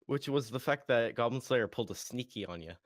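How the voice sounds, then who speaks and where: A man's voice: medium pitch, expressive, fairly quick, no room sound, studio quality. A man co-hosting a casual anime podcast, laid-back and chuckling between remarks. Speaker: podcast co-host.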